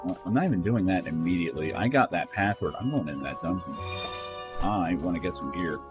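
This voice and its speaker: A man's voice: sits low, animated, a little fast, music in the background. A man casually commenting while he plays a game, thinking aloud and reading game text. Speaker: streamer.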